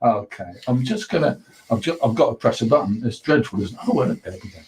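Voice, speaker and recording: A man's voice: mid-range voice, lively intonation, quick pace, a little mellow, rough recording. A man interviewing a radio presenter in casual chat, teasing him with dry humour. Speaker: guest host, interviewer.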